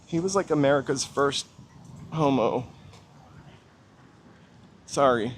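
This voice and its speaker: A middle-aged man with a mid-range voice takes his time while hosting an outdoor walking stream through downtown streets and tunnels. He chats with viewers, tossing in joking, self-deprecating remarks, as faint traffic and street sounds carry in the background.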